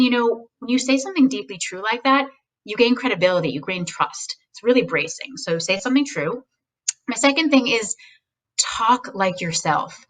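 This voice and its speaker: Animated woman giving frank advice. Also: fairly high pitch, recorded from a distance, rough recording. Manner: animated, acts out quoted voices, speaks frankly. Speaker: guest speechwriter giving advice. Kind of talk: casual conversational advice.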